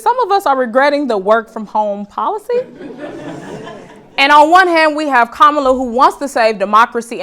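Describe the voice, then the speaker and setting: Brief: woman talk show host, playful comedic monologue, slightly high pitch. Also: fairly bright tone. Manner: joking, addresses audience as y'all. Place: studio with live audience.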